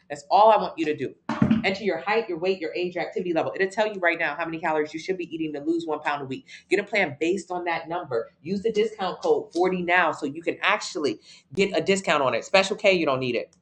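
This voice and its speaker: A blunt woman coach talking straight to her viewers on a live stream. She leans on repetition to hammer points home, loose and slangy, close to the mic. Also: on the low side. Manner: blunt, emphatic, repeats key points; casual slang-heavy talk. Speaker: fitness coach.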